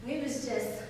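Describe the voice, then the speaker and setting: A woman performing a theatrical dramatic monologue in an art gallery, telling the story in lively vernacular speech and laughing between lines. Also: fairly high pitch. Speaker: stage performer. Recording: echoey gallery hall, far-off mic, faint room noise.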